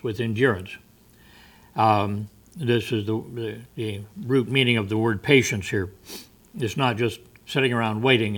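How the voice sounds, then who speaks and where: A man's voice: mid-range voice, a bit bright. A man teaching a Bible study. He explains word meanings, repeats phrases, and often restarts with ums.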